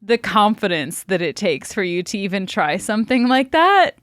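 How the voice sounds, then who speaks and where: A woman's voice: mid-range voice, sing-song, moderate pace, fairly bright tone, no echo, clean studio sound. A young adult woman co-hosting a podcast, telling a story in casual chat, blunt, laughing often and swearing freely. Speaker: podcast co-host.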